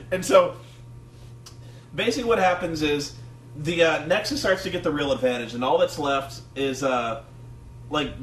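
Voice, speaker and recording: A man's voice: on the high side, fairly bright tone. A man co-hosting a review show in casual chat, rambling and swearing a lot. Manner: rambling and profane, lots of fillers. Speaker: co-host of a wrestling review show. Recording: echoey room, distant mic, faint hum.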